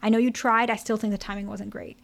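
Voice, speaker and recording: A woman's voice: mid-range voice, flat delivery, quick pace, vocal fry, close to an everyday voice. A woman voicing a remorseful husband. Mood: earnest. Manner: earnest, apologetic. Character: remorseful adult husband apologizing.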